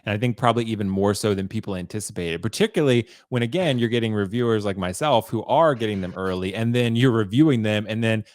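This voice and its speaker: Fast-talking low-voiced host, dry sound. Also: male voice, a little mellow, no room sound. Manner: agreeable, hedging, thinking aloud. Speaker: podcast host, toy reviewer. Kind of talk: casual podcast chat.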